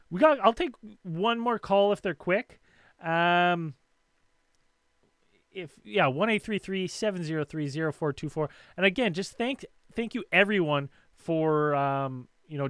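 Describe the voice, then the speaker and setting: A man's voice: fairly high pitch, a bit bright, smooth, dry recording. A man hosting a call-in podcast, talking in an upbeat, chatty way. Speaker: host. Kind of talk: casual chat.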